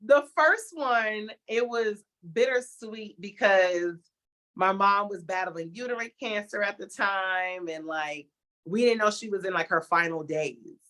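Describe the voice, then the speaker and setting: A young adult woman, a TV host, chatting as an interview guest and telling a story with lively acted-out reactions. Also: medium pitch, unhurried. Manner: animated storytelling, acts out her own reactions. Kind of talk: casual interview chat.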